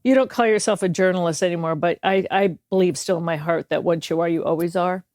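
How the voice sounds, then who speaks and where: A woman's voice: on the low side, quick pace, darkish tone. A woman from the East Coast hosting a podcast, speaking in an effusive, affirming way to her guest. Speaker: podcast host. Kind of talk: heartfelt interview talk.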